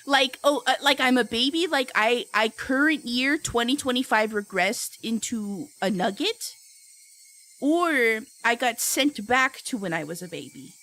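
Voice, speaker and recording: Young woman streaming, high bright voice, giggly and playful, swoops all over. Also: lively intonation, unhurried. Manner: giggly and playful, reacting loudly to chat. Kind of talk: casual live-stream chat.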